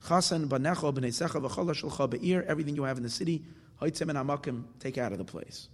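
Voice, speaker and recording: Speaking fast in a slightly high, husky and breathy voice, a man teaches a Torah lesson explaining verses. He raises questions and resolves them himself, weaving Hebrew terms into English with restarts and fillers, and a long hall-like reverb trails his words.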